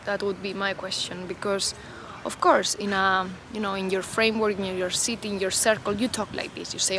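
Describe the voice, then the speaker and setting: Woman, unscripted to-camera talk, loose reflective rambling, outdoors, clear passing-vehicle noise. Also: medium pitch, little pitch movement, moderate pace, few pauses, pushed and bright, rough recording. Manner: reflective, loose, heavy on "you know" and "like" fillers. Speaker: vlogger.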